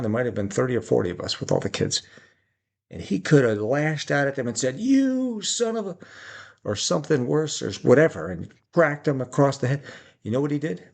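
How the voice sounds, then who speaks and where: A man's voice: lowish voice, gravelly, slightly rough. A middle-aged man giving life advice in a reflective, storytelling way, laughing often and acting out quotes. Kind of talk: reflective personal talk.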